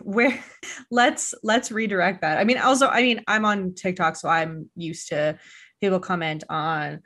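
A woman hosting a podcast, chatting casually, laughing often and tossing in quick self-mocking asides. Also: lowish voice, fairly bright tone. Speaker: podcast host. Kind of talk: casual interview chat.

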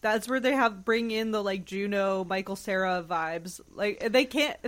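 Woman podcast guest, casual, reflective commentary, mid pitch. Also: unhurried, a bit bright. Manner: reflective, adds commentary and analysis.

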